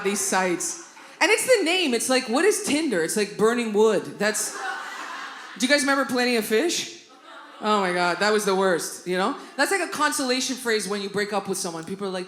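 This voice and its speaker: A middle-aged woman doing stand-up in a theatre, her bright, forceful voice swinging up into loud high-pitched bursts as she tells her stories. The sound is roomy, with a faint hiss behind her. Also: moderate pace. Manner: animated storytelling, jumping into loud high-pitched outbursts. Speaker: stand-up comedian. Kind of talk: stand-up comedy set. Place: theatre stage before a live audience.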